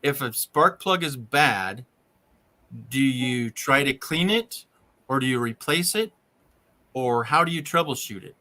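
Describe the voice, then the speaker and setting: A man's voice: medium pitch, lively intonation, measured pace, pushed and bright. A man hosting an RV channel, coaching a mechanic in casual chat and constantly checking in with "right?" and "okay?". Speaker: RV channel host.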